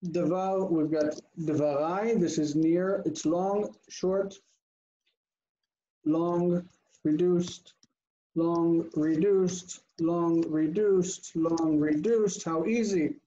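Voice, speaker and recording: A man's voice: on the high side, fairly even intonation, takes it slowly, long pauses, mellow, highs cut off, a little hiss or hum. A man teaching a Hebrew grammar class online, patiently drilling word forms and quizzing his students. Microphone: video call.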